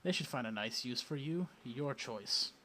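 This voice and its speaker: A man's voice: mid-range voice, animated, measured pace, pushed and bright. Man reading a sneering triad thug. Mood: menacing. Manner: threatening, sneering. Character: brutish muscled male triad thug.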